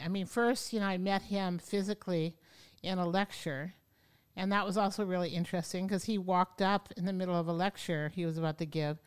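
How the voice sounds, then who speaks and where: Woman interview guest, clear resonant voice, lively storyteller who acts out what she once said, studio podcast. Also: lowish voice. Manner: lively, acts out her own past words. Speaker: yoga teacher, podcast guest. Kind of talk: conversational storytelling.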